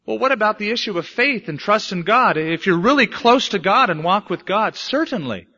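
A man preaching a sermon, swinging between hushed, slow lines and emphatic, raised ones. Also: high voice, animated. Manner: dramatic swings between soft and emphatic delivery. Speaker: pastor. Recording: muffled lo-fi recording.

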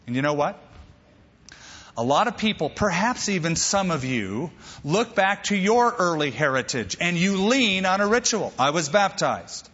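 A man preaching a sermon, animated and talking straight to the congregation. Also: sits high, moderate pace, slightly rough, in a large hall, dull audio. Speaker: pastor.

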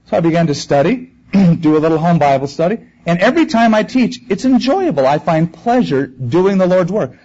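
A man's voice: high-pitched, sing-song, fairly quick, darkish tone, breathy edge, highs cut off. A man preaching a sermon to his congregation in a conversational, earnest and plain-spoken way. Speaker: pastor. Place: church room before a congregation.

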